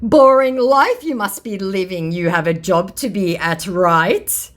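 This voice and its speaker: A woman's voice: mid-range voice, a little slow, close to an everyday voice. A woman voicing a mocking male online scammer who cackles and taunts.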